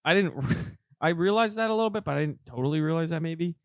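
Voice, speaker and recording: A man's voice: fairly high pitch, animated, fast, no echo, studio quality. A young man co-hosting a comedy podcast in casual chat, laughing often as he tells stories.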